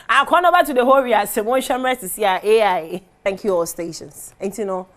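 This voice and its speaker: A woman's voice: mid-range voice, animated, moderate pace. A woman with a Ghanaian accent hosting a TV entertainment segment, chatting animatedly and laughing as she switches languages. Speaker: TV show host. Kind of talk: casual entertainment commentary. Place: TV studio.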